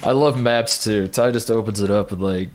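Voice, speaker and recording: A man's voice: lowish voice, normal speed, a little mellow, a little hiss or hum. A man from Indiana co-hosting a sports podcast, rambling and joking through casual chat and laughing often. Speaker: podcast co-host.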